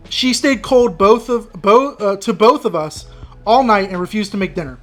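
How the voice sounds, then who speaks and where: A man's voice: sits high, animated, normal speed, faint music behind. A man hosting an advice channel, reading an online story aloud and reacting with blunt, exasperated commentary. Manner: exasperated, blunt, breaks into frustrated rants.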